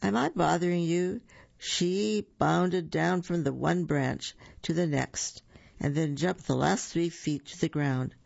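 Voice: mid-range voice, slow pace, creaky, darkish tone, dry recording, lo-fi sound. A storyteller reading children's stories aloud and explaining the lesson afterwards.

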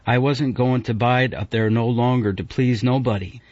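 A man's voice: medium pitch, fairly even intonation, normal speed, darkish tone, dry recording, natural voice. A man reading an audiobook voices a sick, cantankerous old countrywoman who scolds in a rustic dialect with a hollow voice. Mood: scolding, crusty. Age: older. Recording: dull, dry audiobook recording.

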